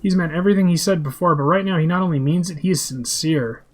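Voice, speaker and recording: A man reading a role-playing game's narration aloud for blind players, in a plain, steady delivery. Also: fairly high pitch, quick pace. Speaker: gamer describing a game for blind players. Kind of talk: reading game text aloud.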